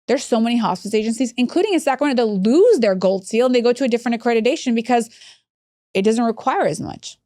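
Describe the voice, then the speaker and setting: A woman in her thirties, a hospice executive, telling lively stories in a podcast interview and acting out other people's voices. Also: quick pace, no echo, clean studio sound. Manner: animated, acts out quoted voices with big pitch jumps.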